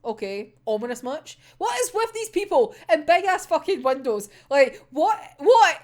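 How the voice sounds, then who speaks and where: Speaking at a moderate pace in a high, sing-song voice, this young manga reaction vlogger keeps things casual. Her chat is full of swearing, drama, frequent laughter and filler-laden rambling.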